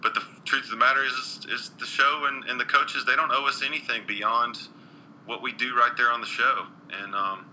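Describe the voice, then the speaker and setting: A man's voice: mid-range voice, steady tone, brisk, pushed and bright, a little hiss or hum, poor audio. A man, a country singer, chatting earnestly in an interview with frequent restarts and ums. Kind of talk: casual interview chat.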